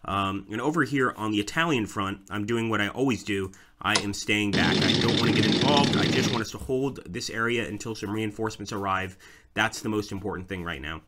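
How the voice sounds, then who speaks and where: A fairly low-voiced man talks through his moves in a war strategy game, casual and chatty, thinking aloud and calling out to his viewers. Heavy noise sits under the recording throughout. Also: brisk. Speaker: let's play host. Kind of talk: casual gameplay commentary. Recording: loud background noise.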